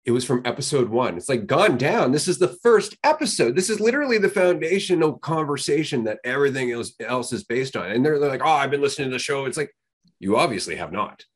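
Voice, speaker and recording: Husky, animated podcast guy. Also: medium pitch, a little fast. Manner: animated, blunt, swears freely. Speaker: podcast co-host. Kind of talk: casual podcast chat.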